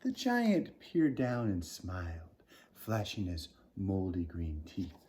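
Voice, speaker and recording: A man, a children's author, reading a picture book aloud with animated storytelling, swinging pitch and loudness and dropping to a whisper. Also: slow, breathy edge.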